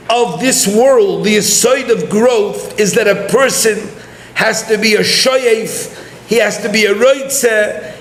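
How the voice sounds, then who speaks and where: A man's voice: high-pitched, fairly bright tone, echoey room, a little hiss or hum. A male rabbi giving a Torah lecture, weaving Hebrew and Yiddish terms into English and questioning listeners directly.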